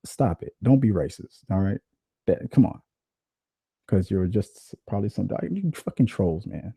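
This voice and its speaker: A man hosts his podcast in a loose, profane rant that wanders from point to point. His voice sits low and dark, with a gravelly, husky edge. His pitch swings widely as he talks. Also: moderate pace, dry recording. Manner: profane, animated, rambling. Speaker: podcast host. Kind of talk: casual ranting chat.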